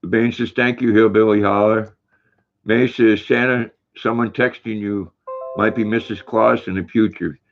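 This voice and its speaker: Older male stream host, folksy and easygoing, reads chat aloud; muffled low-fi audio. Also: steady tone, normal speed, creaky, soft background music. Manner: folksy, reads viewer comments aloud, talks to his dog. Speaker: livestream host. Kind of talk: casual livestream chat reading comments.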